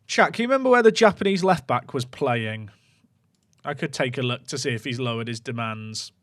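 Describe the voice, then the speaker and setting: Playing a football management game on stream, this man keeps up a casual, think-aloud chat with his viewers. The mid-range voice is a bit bright, with lively intonation and a fairly quick pace.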